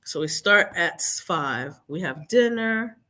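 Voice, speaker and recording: A woman guest telling her own story in a live interview, animated and acting out what others said. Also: fairly low pitch, takes it slowly.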